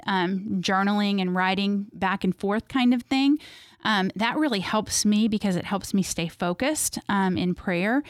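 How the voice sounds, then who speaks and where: A woman's voice: mid-range voice, no room sound, clean studio sound. A woman speaking earnestly as an interview guest, thinking aloud with many fillers. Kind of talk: casual faith conversation.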